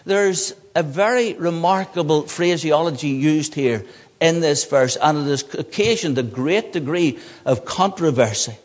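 A man's voice: on the high side, expressive, a little slow, big-room sound. A man preaching a sermon from the pulpit, earnest, rising in emphasis on key points. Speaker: pastor.

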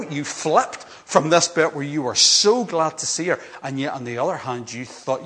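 A man's voice: medium pitch, moderate pace. Earnest male preacher. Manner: earnest, animated storytelling with emphatic repetition. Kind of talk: sermon.

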